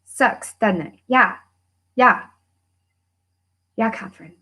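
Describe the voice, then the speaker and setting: A woman hosting a casual livestream, chatting with viewers and reading a workbook aloud with lively emphasis, laughing and swearing freely. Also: fairly high pitch, takes it slowly. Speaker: host of a money-mindset livestream.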